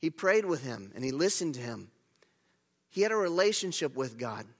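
A man's voice: fairly high pitch, very animated, moderate pace, big-room sound. A man preaching a sermon in a church, talking in a conversational, emphatic way with frequent restarts and self-corrections. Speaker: pastor.

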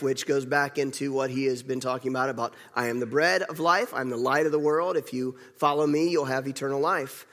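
A man with a slightly high voice preaches a sermon. He tells it in a conversational, animated way and laughs now and then. His voice carries a long reverb. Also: normal speed.

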